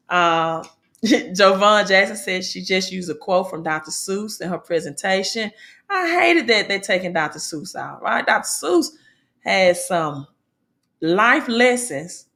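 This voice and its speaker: A woman hosting a casual livestream, talking in an animated, preachy way and correcting herself as she goes. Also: medium pitch. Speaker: livestream host.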